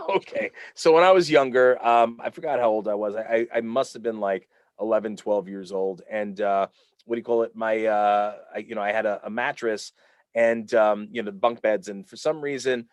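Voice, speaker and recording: A man telling a funny childhood story as a podcast guest, full of fillers and restarts, getting animated when he quotes himself. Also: lowish voice, normal speed, no echo. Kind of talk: casual storytelling.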